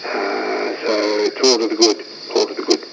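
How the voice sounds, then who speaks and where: A man's voice: fairly low pitch, little pitch movement, creaky. Hesitant man on noisy radio. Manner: measured, hesitant, many pauses. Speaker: radio net member. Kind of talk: casual amateur radio chat. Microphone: ham radio transceiver mic.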